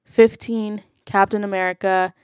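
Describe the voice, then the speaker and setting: A woman co-hosting a casual movie chat, telling jokes in a dry, deadpan way. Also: mid-range voice, unhurried, clean tone, no echo. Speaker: podcast co-host.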